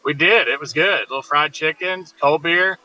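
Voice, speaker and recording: A man's voice: on the high side, normal speed, sharp tone, muffled recording, faint music behind. A man co-hosting a casual sports podcast, trading dry, teasing banter. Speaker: podcast co-host. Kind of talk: casual sports show chat.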